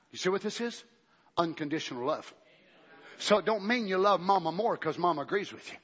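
A male pastor preaching a fervent sermon in a church, swinging between shouting and hushed talk. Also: a little high, animated, a little fast, husky. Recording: dull recording with long hall reverb.

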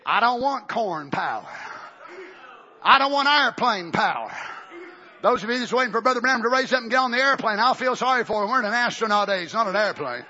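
A man preaching a fiery Pentecostal sermon, swinging from shouts to hushed near-whispers. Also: very high voice, expressive, fairly quick, lo-fi sound.

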